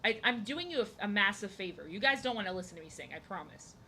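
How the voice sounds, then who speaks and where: A woman's voice: mid-range voice, expressive, quick pace, bright, forceful tone, a little hiss or hum. A young woman art streamer chatting casually while she draws, rambling and self-deprecating with lots of fillers and restarts.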